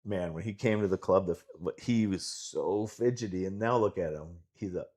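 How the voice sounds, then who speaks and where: A man's voice: sits low, normal speed, a little mellow. A man coaching and commentating a pool match live from his club, enthusiastic and rambling with many restarts.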